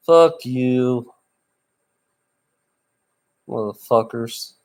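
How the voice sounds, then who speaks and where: A man's voice: mid-range voice, drawn-out words, darkish tone. Profane, tired middle-aged man ranting. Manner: profane, bitter ranting with rough laughs. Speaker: livestreamer. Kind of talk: ranting live stream monologue.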